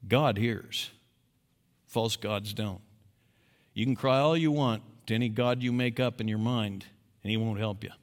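A man preaching a sermon as pastor, emphatic, moving between quiet, low passages and loud, rising exhortation. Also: measured pace, long pauses. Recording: long hall reverb.

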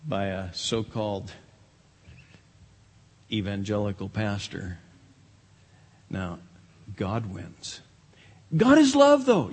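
A man's voice: lowish voice, a little mellow. A man, a pastor, preaching a sermon in a church, emphatic and dramatic when he quotes others. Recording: long hall reverb.

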